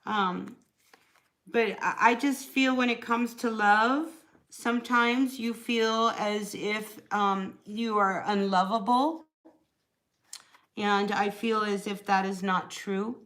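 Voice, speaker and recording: A woman's voice: medium pitch, fairly even intonation, slow, fairly bright tone. Chatty woman doing a tarot reading. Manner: chatty, laughs often, answers viewers by name. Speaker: tarot reader. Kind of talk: live-stream tarot reading.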